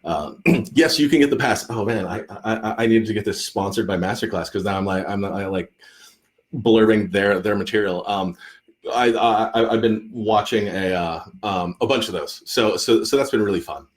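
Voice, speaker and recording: A man with a fairly low voice talks casually to viewers on a live stream. He rambles, repeats words and restarts his sentences often, sprinkling in ums and uhs as he answers questions. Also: normal speed. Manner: rambling, stammering with many restarts and fillers. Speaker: author hosting a live Q&A. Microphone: computer or phone mic on a live stream.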